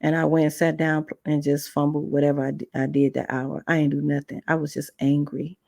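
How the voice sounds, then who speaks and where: A woman's voice: low voice, a little fast, vocal fry, no echo. A woman podcast host telling a personal testimony in a casual, chatty way, acting out the dialogue as she goes. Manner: animated, acts out quoted dialogue; casual, chatty asides to viewers.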